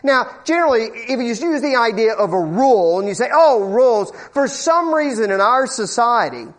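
A man's voice: very high-pitched, lively intonation, normal speed, fairly bright tone. A middle-aged man preaching a sermon, telling a folksy personal story and acting out the people in it. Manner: folksy storytelling with acted-out quotes and asides.

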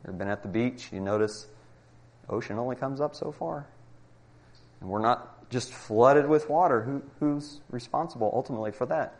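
A man's voice: mid-range voice, moderate pace. A man giving a Christian apologetics talk to a live group, arguing emphatically with rhetorical questions.

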